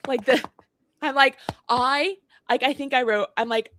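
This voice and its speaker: A woman's voice: high-pitched, fairly even intonation, a little slow, a bit bright, a little hiss or hum. A woman co-hosting a casual livestream chat, animatedly telling a story and acting out both sides of it. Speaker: co-host. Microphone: livestream mic.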